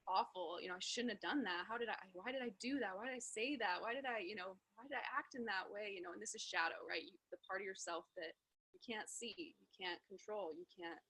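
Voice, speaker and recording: A woman with a breathy, bright voice, teaching in a loose, rambling way. She fills her talk with "like" and "you know" and slips into voicing her own inner questions. Her pitch sits a little high. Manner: rambling, many fillers, acts out inner self-talk. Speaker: spiritual teacher. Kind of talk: casual spoken teaching.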